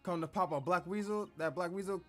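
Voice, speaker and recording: A man's voice: sits high, brisk, faint music behind, lightly acted. A man voicing a brash, streetwise young female pickpocket, talking back in snappy slang while reading game dialogue on stream. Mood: wary.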